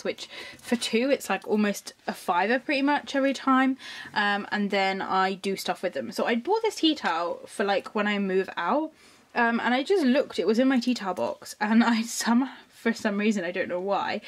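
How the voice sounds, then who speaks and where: Young woman, casual crafting vlogger, slight lisp, talks in a loose, filler-heavy ramble, recorded at home on a floor camera. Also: mid-range voice. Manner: chatty and rambling, many ums and likes.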